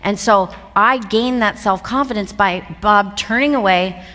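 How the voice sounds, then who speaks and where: A woman giving a motivational seminar talk on stage before a live audience, an animated storyteller who laughs often. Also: mid-range voice, unhurried. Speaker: seminar speaker. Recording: echoey hall.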